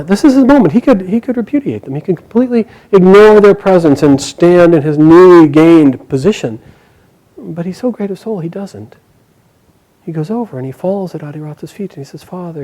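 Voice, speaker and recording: A man telling an epic story live, animated and dramatic, sometimes correcting himself. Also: mid-range voice, poor audio.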